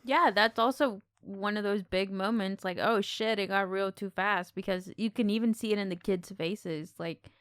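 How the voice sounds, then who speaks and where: A woman's voice: medium pitch, moderate pace, few pauses, a bit bright, clean tone, dry recording, clean studio sound. A woman co-hosting a podcast, talking casually and expressively about a film, with some casual swearing. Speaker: podcast co-host.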